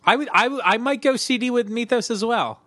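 A man co-hosting a podcast, chatting casually and reading listener emails in an animated, joking way. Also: extremely high pitch, a little fast, no echo, studio quality. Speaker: podcast co-host.

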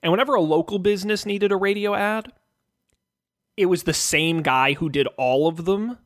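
A man's voice: high-pitched, moderate pace, no room sound, clean studio sound. A man co-hosting a podcast, rambling and joking in casual banter. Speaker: podcast co-host.

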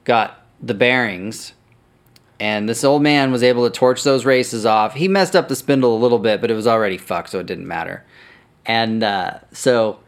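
A man hosting a podcast, telling a story casually, swearing freely and correcting himself as he goes. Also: mid-range voice. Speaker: podcast host.

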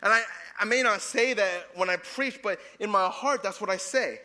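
Bright-voiced man preaching a sermon. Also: high-pitched, normal speed, big-room sound. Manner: swings between loud emphatic passages and soft hushed ones. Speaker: pastor.

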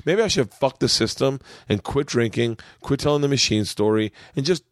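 A man's voice: lively intonation, moderate pace, no room sound, clean studio sound. A middle-aged man hosting a podcast from his man cave, chatting casually with lots of swearing and joking. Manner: profane, joking, puts on a high drawling yokel voice at times. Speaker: podcast host. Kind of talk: casual chat. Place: home man cave studio.

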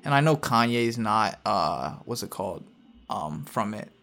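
A man's voice: on the low side, very animated, unhurried, creaky, a bit bright. A man co-hosting a podcast in casual chat, talking animatedly and mocking others by mimicking their posts. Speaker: podcast co-host.

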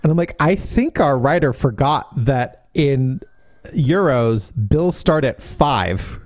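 A man's voice: mid-range voice, slow pace, dry recording, clean studio sound. A man co-hosting a book podcast, chatting casually and with lots of energy, full of fillers and restarts. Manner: animated, many fillers and restarts. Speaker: podcast co-host.

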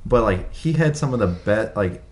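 A man with a very low voice chats on a podcast with friends. He explains things quickly and with plenty of life. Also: lively intonation. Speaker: podcast co-host. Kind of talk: casual group chat.

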